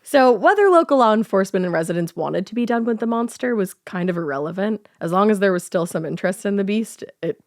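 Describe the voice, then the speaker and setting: A woman's voice: mid-range voice, lively intonation, fast talker, hardly any pauses, dry recording, clean studio sound. A woman co-hosting a podcast, telling a cryptid story casually while laughing and riffing with her co-host. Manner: laughing, reading quotes, riffing.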